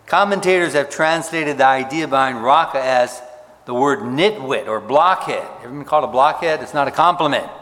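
A man preaching a sermon as pastor, stressing words and dropping to a hush on key points. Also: medium pitch, long reverb tail.

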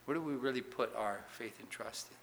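With a gravelly, mid-range voice and a fairly quick delivery, a man preaches as pastor, posing questions to the congregation and reading Bible passages with mounting force. The emphasis rises loud on the questions and quotes, and there's a little hiss or hum on the recording.

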